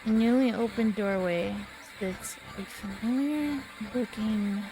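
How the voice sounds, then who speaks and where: A woman in her twenties reads a horror game's text aloud at a very unhurried pace. Her delivery is dramatic, her pitch sits in a middle register, and soft music plays faintly behind her voice. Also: creaky. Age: 20s. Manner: slow, dramatic reading with sudden startled outbursts. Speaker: gamer.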